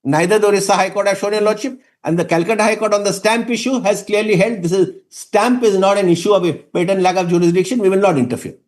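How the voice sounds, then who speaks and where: A man's voice: high-pitched, quick pace, hardly any pauses, a little mellow. A man making formal submissions to a court, insistent, restating legal tests in short repeated clauses. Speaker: advocate arguing before a court.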